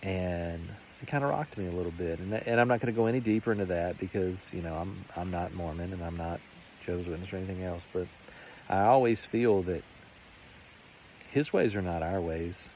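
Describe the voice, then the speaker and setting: A man's voice: low-pitched, fairly quick, a little mellow, slight background noise. A man giving a rambling, earnest personal faith testimony in a vlog. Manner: earnest, rambling, many restarts. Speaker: faith vlogger.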